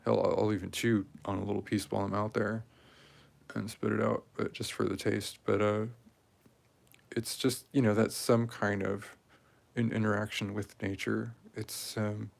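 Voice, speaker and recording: A man in his forties talking casually and rambling while he strings beads, with many pauses and fillers. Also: on the low side, level tone, creaky. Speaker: craft video maker. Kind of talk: casual talk while crafting.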